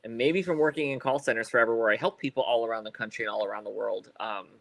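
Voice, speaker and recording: A man's voice: medium pitch, quick pace, vocal fry, fairly bright tone, no room sound. A man co-hosting a podcast in casual chat. He rambles with many fillers and restarts, laughs often, and stutters now and then. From Ohio. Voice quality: occasional stutter. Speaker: podcast co-host.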